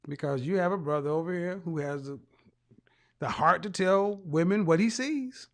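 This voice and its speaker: A man's voice: high voice, expressive, normal speed. A man hosting a casual livestream, reading out viewer comments in a mocking, teasing way. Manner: bursts of loud laughter. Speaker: live show host reading viewer comments.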